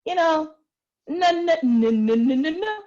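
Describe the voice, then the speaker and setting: A woman puts on a sassy Southern US woman with a Southern accent, scolding a friend in a teasing, emphatic way. The voice sits high and carries loud. It comes through as dull, lo-fi video call audio. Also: lively intonation, measured pace.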